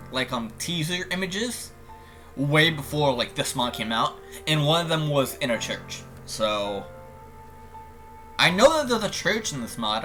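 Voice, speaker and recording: A man's voice: a little high, sharp tone. A young man streaming a game, giving jokey, profane commentary and openly admitting his nerves.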